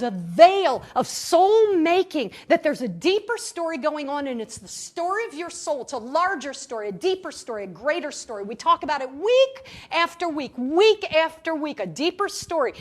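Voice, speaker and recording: A woman spiritual teacher with a high voice gives an inspirational talk before a live audience in a room, at a moderate pace with few pauses. Her storytelling is animated and playful, and she keeps checking in by asking "right?".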